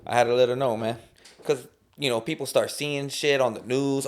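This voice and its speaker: A man's voice: mid-range voice, fairly even intonation, normal speed. A man hosting his own podcast from a room at home, chatting loosely in slang and telling stories. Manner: loose, slangy, storytelling with acted-out quotes. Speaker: podcast host. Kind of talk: casual chat.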